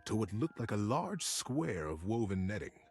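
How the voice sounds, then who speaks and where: A man giving a scripted storybook narration in an expressive, theatrical way. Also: fairly low pitch, moderate pace, breathy edge, faint music behind.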